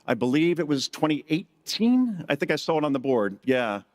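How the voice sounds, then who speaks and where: A man's voice: a little high, big pitch swings, brisk. Joking male conference speaker. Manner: joking storyteller who acts out quotes in shifting voices. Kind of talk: live speech with anecdotes. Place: conference hall stage.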